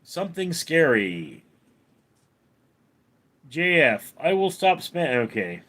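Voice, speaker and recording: A man hosting a home livestream, reading viewer comments and answering in a dry, deadpan way. He talks slowly, and his pitch rises and falls a lot from line to line. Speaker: livestream host. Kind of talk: reading live chat aloud.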